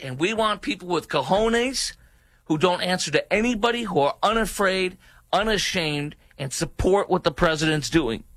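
A man hosting a talk show, delivering heated political commentary in an indignant, mocking tone that now and then rises to a shout. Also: on the high side, no echo.

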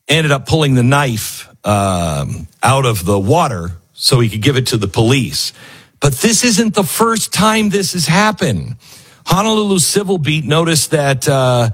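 Guy doing snarky news commentary, husky voice, mid pitch, does little voices for quotes. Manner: sarcastic, acts out quotes in other voices. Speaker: commentary show host.

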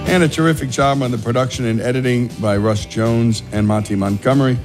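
A man's voice: medium pitch, fairly even intonation, fairly quick, music in the background. A man hosting a radio story show, closing a segment with enthusiastic praise. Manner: enthusiastic, admiring. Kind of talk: warm radio outro.

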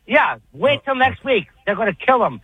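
A man's voice: very high-pitched, sing-song, moderate pace, breathy edge, dry recording, narrow, tinny audio. A man calling into a talk radio show, trading insults and needling another caller in a heated, combative way. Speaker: regular caller. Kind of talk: heated call-in banter.

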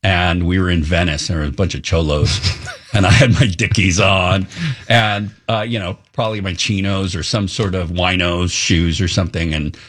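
A middle-aged man, a radio co-host, chatting casually and telling lively stories that he laughs his way through. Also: sits low, normal speed. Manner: animated storyteller, laughs through his anecdotes.

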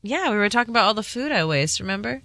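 A woman's voice: mid-range voice, animated, rapid-fire, pushed and bright, dry recording, studio quality. A woman working as a producer on a sports radio show, joining the chat in a playful, casual way. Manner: playful, chatty. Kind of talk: casual on-air banter. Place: radio studio.

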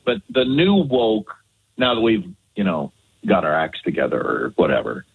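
A man's voice: low-pitched, huge pitch swings, moderate pace, creaky, breathy edge. A man co-hosting a radio show by phone, chatting in a laid-back, rambling way. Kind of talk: casual talk radio banter. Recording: tinny phone line.

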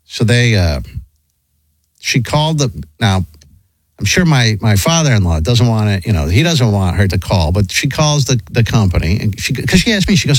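A middle-aged man spins a rambling anecdote in casual chat, restarting his sentences often. His pitch swoops widely as he talks. The sound is dry and close. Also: moderate pace, husky, no room sound, poor audio. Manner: rambling, animated, frequent restarts.

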